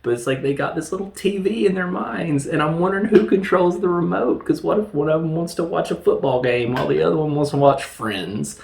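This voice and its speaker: A man's voice: fairly high pitch, fairly quick, vocal fry, hardly any pauses, darkish tone. Guy rambling thru a movie recap, jokey, kinda echoey room. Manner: rambling, joking, laughs at the film. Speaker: film reviewer.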